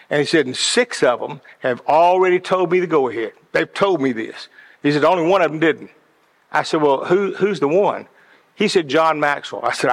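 A man's voice: fairly high pitch, fairly bright tone. Passionate man preaching in a hall. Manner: passionate, earnest, repeats words as he builds up. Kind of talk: sermon-like storytelling talk. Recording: long hall reverb.

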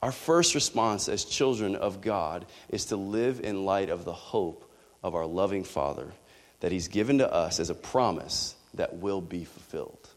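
A man's voice: low voice, a little slow. Man preaching in a reverberant hall. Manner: candid, personal storytelling with rising passion. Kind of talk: sermon.

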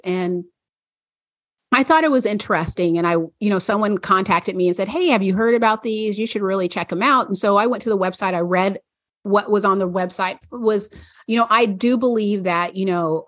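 A woman's voice: medium pitch, a bit bright, no echo, clean studio sound. A woman podcast co-host chatting casually, rambling with many fillers and frequent laughs. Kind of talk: casual chat.

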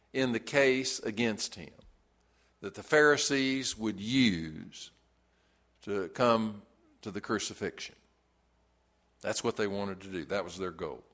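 Slow, emphatic male preacher. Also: mid-range voice, fairly bright tone. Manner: emphatic, slow and deliberate, pushes stress on key words. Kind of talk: sermon.

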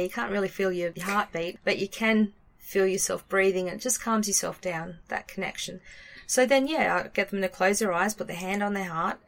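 A woman's voice: medium pitch, gravelly. Chatty woman co-hosting a coaching podcast. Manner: relaxed, explains things at length with casual fillers. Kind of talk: casual chat.

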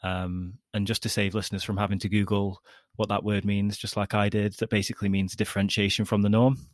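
A man's voice: lowish voice, level tone, fairly quick, dry recording, clean studio sound. A man hosting a podcast, introducing guests and asking questions with easygoing, light teasing. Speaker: podcast host.

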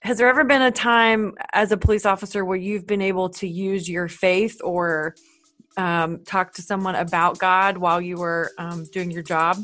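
A woman's voice: fairly low pitch, steady tone, moderate pace, a bit bright, soft background music. Woman podcast host asking questions. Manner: encouraging, short responses. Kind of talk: interview questions.

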